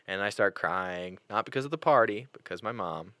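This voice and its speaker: A young man hosting a podcast, telling personal stories in casual chat, animated and full of fillers and restarts. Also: on the low side, a little fast, hardly any pauses, dry recording. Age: young adult. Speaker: podcast host.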